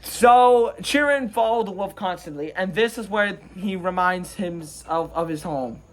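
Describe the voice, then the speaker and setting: A man's voice: sits high, a little slow, slight background noise. A man recaps a film in a loose, rambling way, tossing in irreverent jokes as he goes. It sounds like a casual review rather than a scripted one. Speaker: movie reviewer.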